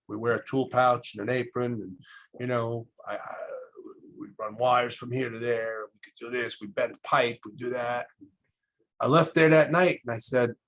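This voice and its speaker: A middle-aged man, a guest telling stories and acting out the voices of people in them. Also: a bit bright. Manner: acts out quoted voices with big pitch jumps. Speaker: podcast guest, electrical contractor. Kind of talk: animated storytelling.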